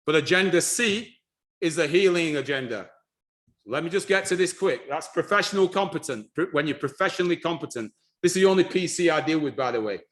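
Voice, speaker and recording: A man giving an energetic lecture-style talk, his pitch swinging widely as he presses his points. He circles back on himself and restarts sentences. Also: fairly quick. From United Kingdom. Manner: animated, repeats himself, many restarts. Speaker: history and culture speaker. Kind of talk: lively presentation talk.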